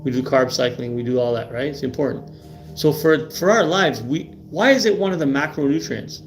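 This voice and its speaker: A man's voice: medium pitch, a little fast, faint music behind. A middle-aged man hosting a live stream about health, talking emphatically and often tagging lines with "right?", repeating words as he goes. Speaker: livestream host.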